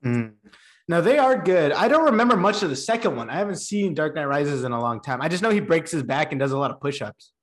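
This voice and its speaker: Casual co-host, very animated intonation, jokey and easygoing. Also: mid-range voice, fast talker. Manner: laid-back, joking, laughs often. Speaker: podcast co-host. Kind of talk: casual chat.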